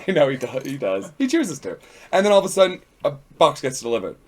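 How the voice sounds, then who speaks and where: A man's voice: on the high side, very animated, a little fast. A man playing a tabletop game, thinking aloud and narrating what his character does. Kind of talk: casual game chat.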